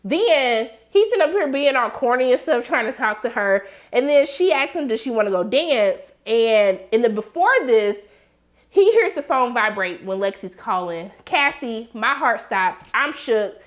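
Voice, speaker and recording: A woman with a high voice talks through a TV episode in casual chat. She is animated and slangy, and she acts out bits of the scenes as she goes. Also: moderate pace. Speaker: TV show reviewer.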